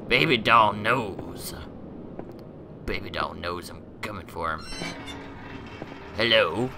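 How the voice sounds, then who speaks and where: A man's voice: fairly low pitch, slow pace, vocal fry, long pauses, over music. A man doing casual horror game commentary, joking around, talking to objects in the game and yelping when startled. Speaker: gameplay commentator.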